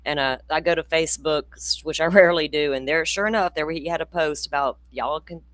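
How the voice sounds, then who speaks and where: A woman's voice: deep voice, brisk, fairly bright tone, no echo. An older Florida woman, hosting a casual livestream and chatting with viewers by name, laughing and swearing freely. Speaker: true crime channel host.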